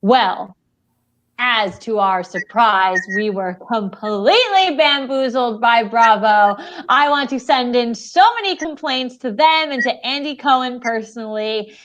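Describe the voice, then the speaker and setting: A woman's voice: a little high, a little slow, fairly bright tone. A woman co-hosting a podcast, telling a story in casual chat with emphatic delivery. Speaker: podcast co-host.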